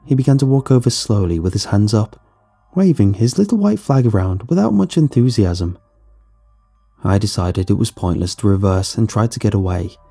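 Low, dark-voiced male horror narrator. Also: very animated, moderate pace, vocal fry, husky, soft background music. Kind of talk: first-person horror story narration.

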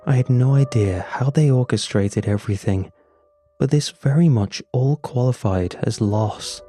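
A man narrating a first-person horror story in a slow, somber, scripted telling. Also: fairly low pitch, warm tone.

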